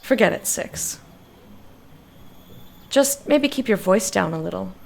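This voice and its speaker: A woman's voice: medium pitch, animated, slow, creaky, exaggerated voice. A woman reading game lines aloud as a curt young archaeologist. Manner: curt, impatient.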